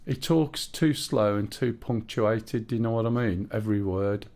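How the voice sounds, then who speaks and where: A man with a low, gravelly, dark voice talks through a live flight-sim session. He chats with opinions between moves and explains each control input step by step. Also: normal speed. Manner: chatty and opinionated. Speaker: streamer flying a helicopter in a flight sim. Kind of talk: live gameplay commentary.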